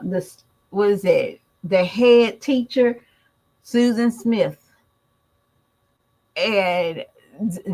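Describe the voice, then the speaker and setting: A woman holds forth in an opinionated vlog, blunt and emphatic as she talks straight to her viewers. She takes her time, with a slow, deliberate pace that lets each point land. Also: medium pitch, rough recording. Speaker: mother and YouTube commentator.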